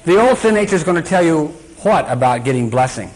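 A man's voice: on the high side, animated, quick pace, poor audio. A man teaching a sermon who keeps quizzing his congregation and acting out quotes. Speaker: Bible teacher.

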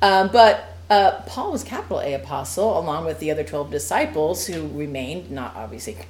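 Woman preacher, conversational sermon, animated pitch, quick to laugh. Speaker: women's Bible teacher.

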